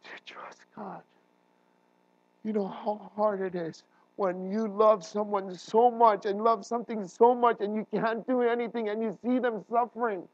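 A man preaching a sermon as a pastor, earnest and emotional, his voice building to loud emphatic peaks. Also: high voice, fairly even intonation, moderate pace, no room sound, muffled recording. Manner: emotional, voice rising and breaking while retelling a crisis.

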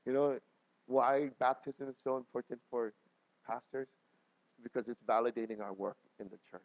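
A man in his thirties, a pastor telling personal stories in a sermon, emotional, swinging from quiet talk to loud laughing bursts. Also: medium pitch, no echo, muffled recording.

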